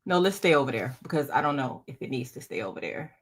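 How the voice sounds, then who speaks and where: Her voice sits extremely low and sounds slightly rough, yet she's very animated and talks at a quick clip. She hosts a casual crafting livestream, bubbly and chatty, laughing often as she speaks straight to her viewers.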